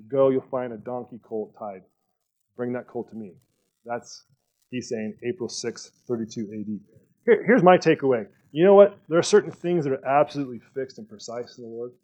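A man teaching a Bible study in a relaxed, conversational way, thinking aloud with fillers and restarts. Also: medium pitch. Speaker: pastor. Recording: dull lo-fi sound.

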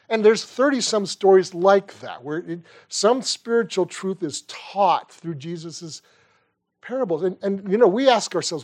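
A man with a slightly high voice teaches a conversational Bible lesson. He retells stories with lively rhetorical questions and casual asides, restarting phrases as he goes. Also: breathy edge. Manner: animated storytelling with rhetorical questions.

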